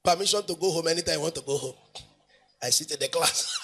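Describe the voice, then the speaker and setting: A Nigerian pastor preaches a sermon with emphasis and a sing-song cadence, repeating phrases and putting questions to the congregation. His voice is a little high, fast, gravelly, husky, and slightly bright.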